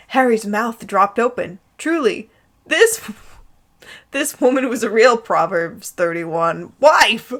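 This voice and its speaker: A woman's voice: mid-range voice, a bit bright. A woman reading fan fiction aloud as a comedic dramatic reading, with amused, sarcastic asides.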